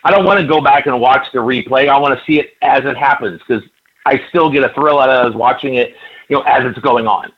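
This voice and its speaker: A man in his fifties rambles through anecdotes with frequent stammers in a relaxed interview chat. His voice sits at an ordinary middle pitch. The recording is dull and lo-fi. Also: brisk, husky. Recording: dull lo-fi audio.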